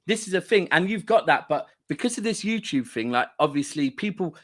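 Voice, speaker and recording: A man's voice: a little high, brisk. Chatty middle-aged man from Manchester. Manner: chatty, storytelling, lively anecdotes. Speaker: guest football fan. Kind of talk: casual football chat.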